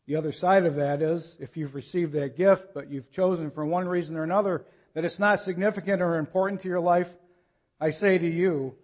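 Pastor, male, fairly high voice, earnest sermon delivery with urgent appeals. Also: steady tone, darkish tone, dull audio. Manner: earnest preaching, reads scripture slowly, rises to urgent appeals.

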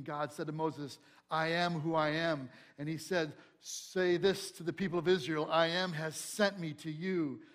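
A man with a slightly high voice preaches a sermon as pastor. He moves from a quiet, hushed prayer to emphatic, rising declarations, recorded in a church sanctuary. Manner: prays softly, then preaches with rising emphasis.

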